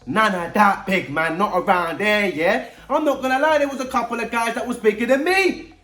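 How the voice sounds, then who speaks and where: A man with a London accent gives young listeners a blunt, emphatic talk, full of street slang and repeated hooks. His voice sits high for a man. The room around him is echoey and bare. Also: moderate pace, bright, forceful tone. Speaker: youth mentor. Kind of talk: direct-to-camera talk to young people.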